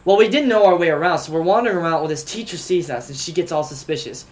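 Male co-host, high voice, jokey storyteller, casual chat. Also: fast talker. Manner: animated, joking storyteller. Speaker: podcast co-host.

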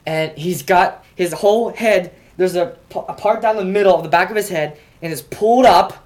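A man co-hosting a casual podcast, joking and telling stories with big swings in his voice. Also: moderate pace. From Pittsburgh area. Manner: joking, tells stories with lively swings in pitch. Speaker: podcast co-host. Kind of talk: casual banter.

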